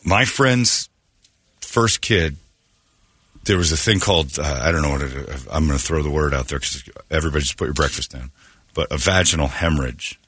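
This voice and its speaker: Low husky-voiced man, crude comic storyteller. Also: normal speed, a bit bright, dry recording. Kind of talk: comedic banter.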